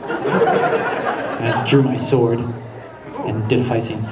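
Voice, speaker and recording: Speaking extremely slowly in a steady, mid-range voice, the man competes with a loud crowd and heavy background noise. He's the guest voice actor at a convention panel Q&A, casually telling stories and laughing a lot. A handheld camera far from the stage captures the echoey hall, with the audience murmuring and laughing.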